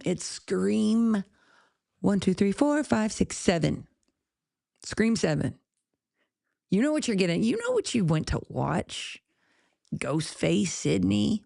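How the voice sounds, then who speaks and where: Podcast host, woman, low gravelly voice, blunt and profane, dry close sound. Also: a little mellow, dry recording. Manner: blunt, profane, laughs at her own jokes. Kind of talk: casual ranting monologue.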